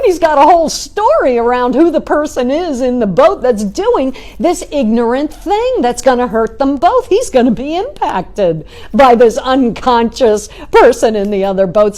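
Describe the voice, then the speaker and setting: A middle-aged woman, a spiritual teacher, giving a talk with animated storytelling and frequent "right?" asides. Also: high voice, moderate pace, hardly any pauses. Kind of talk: talk or sermon.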